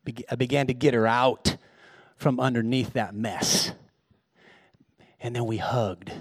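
A pastor preaching a sermon, moving from hushed, tender storytelling to loud, shouted exhortation. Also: male voice, mid-range voice, steady tone, measured pace, husky, no room sound, studio quality.

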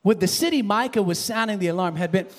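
A man preaching a sermon, animated, building to shouted emphasis and dropping low again. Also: quick pace, big-room sound.

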